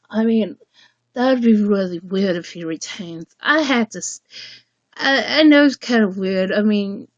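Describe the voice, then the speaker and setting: A woman chats on her livestream at an unhurried, drawn-out pace, wandering off mid-thought and starting sentences over. The sound is close and dry with no room around it, and a little dull and lo-fi. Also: medium pitch, no room sound. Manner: rambling, halting, restarts sentences often. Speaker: livestream host. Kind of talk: casual livestream chat.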